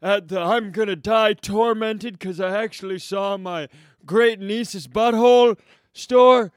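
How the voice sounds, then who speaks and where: A man's voice: slow, no echo, clean studio sound. A man doing a scandalized old grandpa. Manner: high croaky scolding questions. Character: grumbling elderly man, scandalized and horrified.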